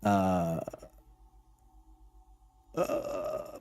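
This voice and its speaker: A man's voice: on the low side, slow, long pauses, darkish tone, dry recording. A man hosting a casual gameplay livestream, joking as he reads and answers his chat's messages. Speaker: livestream host.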